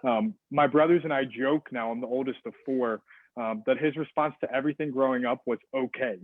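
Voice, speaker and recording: A man giving an energetic, interactive webinar presentation on service and leadership, often checking in with his audience. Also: mid-range voice, brisk, dry recording. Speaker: guest speaker on service and leadership. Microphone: video call. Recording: tinny phone-like video call audio.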